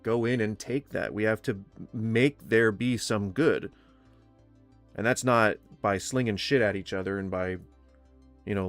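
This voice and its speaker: A man from Florida hosting a casual livestream, rambling with fillers and restarts, blunt and quick to swear. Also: fairly low pitch, a bit bright. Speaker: livestream host. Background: faint music.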